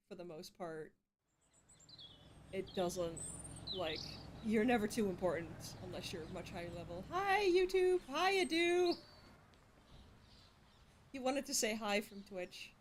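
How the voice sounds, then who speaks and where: A woman's voice: a little high, slight background noise. A woman streaming a horror game, chatting casually and giggling with her chat. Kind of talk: casual let's-play commentary.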